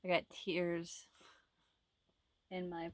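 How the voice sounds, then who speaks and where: A woman's voice: fairly low pitch, completely flat delivery, very slow, no echo. A woman chatting casually to camera as a crochet vlogger, rambling and laughing easily. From United States. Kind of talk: casual chat.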